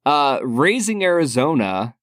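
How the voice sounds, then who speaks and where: Lively wry male podcast co-host. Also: a little high, measured pace, no room sound, studio quality. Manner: wry, teasing, laughs often. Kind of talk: casual chat.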